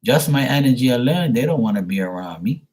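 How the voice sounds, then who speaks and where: A man's voice: medium pitch, expressive, fairly quick, darkish tone. Blunt, profane man ranting. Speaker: psychic livestream host. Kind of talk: casual livestream talk.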